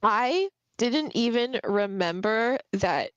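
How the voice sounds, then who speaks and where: A woman co-hosting a casual book discussion livestream, chatty and quick to laugh, swearing casually as she recaps. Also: on the high side, animated, clean tone, dry recording, highs cut off. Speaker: podcast co-host.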